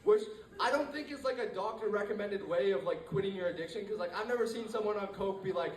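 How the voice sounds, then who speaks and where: A teenage stand-up comedian performs a rambling set to a live room, talking fast with few pauses in a high-pitched voice, full of fillers and restarts. The room is echoey, the mic is far off, and a crowd can be heard in the background.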